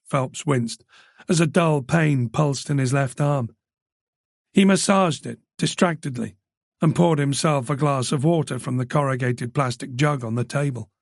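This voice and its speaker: A man narrating a crime audiobook in a measured, even manner. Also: on the high side, no echo, studio quality. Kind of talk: scripted narration.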